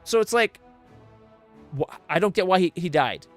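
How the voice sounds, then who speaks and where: A man's voice: high voice, lively intonation, normal speed, soft background music. A man streaming a game blind, ranting in exasperated, profane casual commentary into a desk mic.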